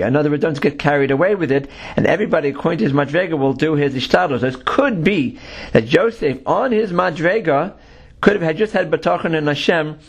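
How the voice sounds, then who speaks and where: A man gives a religious lesson in a slightly higher voice. He talks haltingly, full of fillers and restarts. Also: lively intonation, vocal fry, husky. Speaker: Torah teacher.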